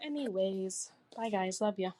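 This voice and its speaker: A woman's voice: medium pitch, a little slow, dark tone, no room sound. A young woman telling a cringe story in a chatty, exasperated way, as a recorded voice message to a podcast. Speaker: listener sending in a story.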